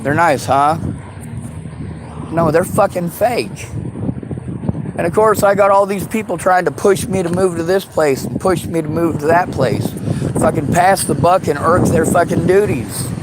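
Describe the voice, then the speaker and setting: A man's voice: fairly high pitch, moderate pace, heavy background noise. A man in an angry personal rant, swearing heavily and lashing out with bitter sarcasm.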